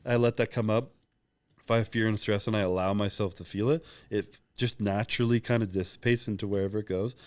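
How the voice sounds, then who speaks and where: Man, rapid delivery, slightly low voice, candid interview guest who reflects openly. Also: steady tone, a little mellow. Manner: candid, reflective, acts out quoted talk. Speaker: podcast guest, pro bodybuilder. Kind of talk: casual interview talk.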